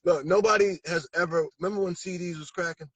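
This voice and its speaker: Husky-voiced man from Massachusetts, dry close sound. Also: high voice, fast, no echo, poor audio. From Brockton, Massachusetts. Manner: streetwise slang, profane, animated. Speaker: guest musician. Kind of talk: casual interview chat.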